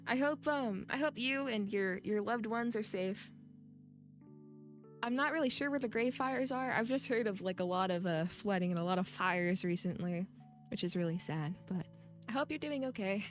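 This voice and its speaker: A woman's voice: medium pitch, expressive, moderate pace. Giggly woman streamer chatting over music. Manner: giggly, rambling, chatty with viewers. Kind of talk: casual live-stream chat and game reading.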